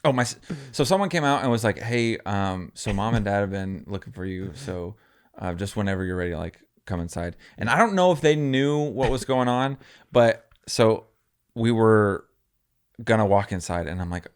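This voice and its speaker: Laughing young man, smooth low voice. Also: animated, moderate pace. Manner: laughing storyteller, acts out quotes. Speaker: podcast co-host. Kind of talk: casual chat.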